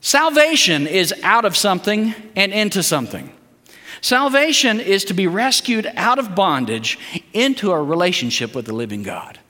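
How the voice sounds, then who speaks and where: A man's voice: sits high, very animated, normal speed, sharp tone, in a large hall. A man preaching a sermon as a guest preacher, leading the congregation in call-and-response statements.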